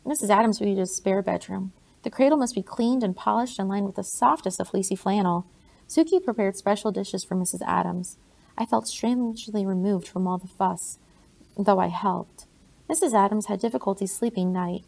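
A woman narrating a novel in the first person with a steady delivery. Her voice is mellow and dark, with a gravelly texture. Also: medium pitch. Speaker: audiobook reader. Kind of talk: reading a novel aloud.

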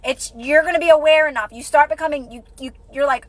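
A woman's voice: high-pitched, quick pace, dry recording, rough recording. A woman hosting a casual motivational livestream, repeating herself encouragingly and greeting viewers by name. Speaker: livestream host.

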